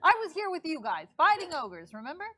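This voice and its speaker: A woman's voice: high-pitched, very animated, brisk, background noise. A woman playing a tabletop game who speaks in a wry, teasing manner. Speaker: player. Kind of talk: casual tabletop game play.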